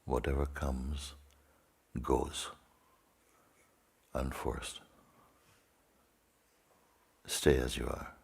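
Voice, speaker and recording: Very deep, slow gravelly man guiding meditation. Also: little pitch movement, a little mellow. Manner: slow, sparse phrases with long pauses. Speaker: spiritual teacher. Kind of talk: guided meditation.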